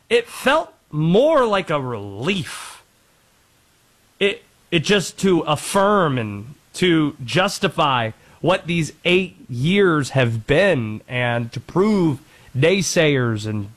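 Lively, high-pitched sports talk host. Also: male voice. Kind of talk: scripted sports commentary.

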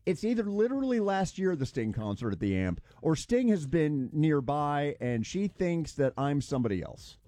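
A man's voice: on the high side, moderate pace, few pauses, dry recording. A man co-hosting a radio show, telling a story in casual on-air banter and acting out the quotes. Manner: animated storyteller, acts out quotes.

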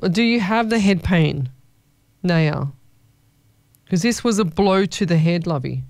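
A woman's voice: lowish voice, expressive, unhurried, no room sound. A woman hosting a casual call-in radio show, chatty and familiar, calling listeners "lovey". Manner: chatty, warm-hearted, calls listeners "lovey". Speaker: radio host. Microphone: studio microphone.

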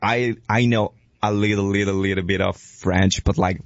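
Italian man low-voiced Italian guest, laughing. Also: fairly even intonation, normal speed, vocal fry, dry recording, lo-fi sound. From Italy. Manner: laughs often, playful and warm. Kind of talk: casual radio chat.

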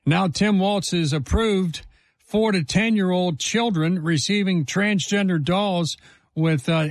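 A man's voice: sits high, no echo. A man hosting a talk radio show, delivering an emphatic, indignant monologue full of rhetorical questions into a studio microphone.

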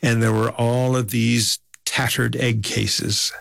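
A man calmly recounting field observations as a guest, with a wry, gently laughing manner. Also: medium pitch, slow, creaky, dry recording, clean studio sound. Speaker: guest scientist. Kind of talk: storytelling interview.

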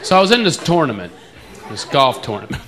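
A man's voice: mid-range voice, sing-song, fairly quick. A male stand-up comedian from the eastern United States with an East Coast accent, mocking himself by playing up the way he talks. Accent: East Coast American. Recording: live room with loud crowd and noise.

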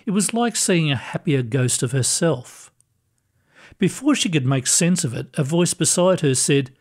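A man reads a story aloud in a calm, measured, gentle way. His pace is slow and unhurried, and his voice sits a little higher than most men's. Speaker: narrator. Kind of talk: scripted story narration.

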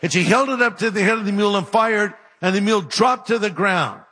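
Bright-voiced pastor preaching in a hall. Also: male voice, high-pitched, a little fast. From California. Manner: animated, humorous storytelling. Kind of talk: sermon with storytelling. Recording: reverberant hall sound.

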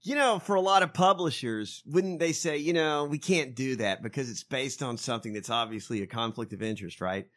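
A man co-hosting a podcast in casual chat, swearing freely and reacting quickly. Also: mid-range voice, a bit bright. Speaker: podcast co-host.

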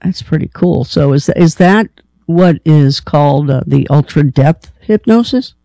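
A man hosts an interview and asks his guest loose, casual questions that wander before they land. His voice sits a little on the high side, and the sound is dry and close. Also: animated, measured pace, vocal fry, warm tone, no echo. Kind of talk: conversational interview.

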